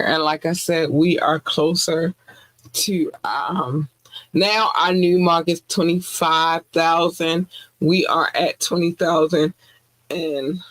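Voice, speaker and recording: A woman hosts a podcast in relaxed, chatty talk. She is effusive and giggly and often breaks into high squeals. Her voice sounds close and dry, with no room sound. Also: no room sound. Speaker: podcast host. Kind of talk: casual podcast chat, shout-outs to listeners.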